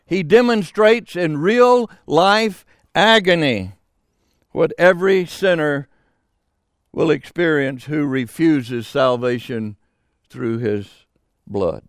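An older man preaching a sermon, slow and emphatic with dramatic pauses. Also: on the high side, no room sound, clean studio sound.

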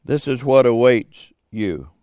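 An older man preaching a sermon, slow and emphatic with dramatic pauses. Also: a little high, animated, dry recording, studio quality.

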